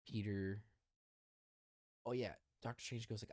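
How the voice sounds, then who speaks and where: A man with a lowish voice talks through a film in a relaxed podcast chat. He retells scene after scene and acts out the characters' lines as he goes. The sound is dry and close, with no room around it. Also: normal speed, dry recording. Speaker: podcast co-host. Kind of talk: casual film discussion.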